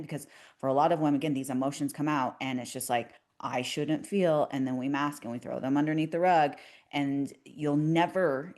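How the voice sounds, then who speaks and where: A woman's voice: sits low, darkish tone. A woman hosting a podcast conversation, speaking emphatically and passionately and affirming her guest.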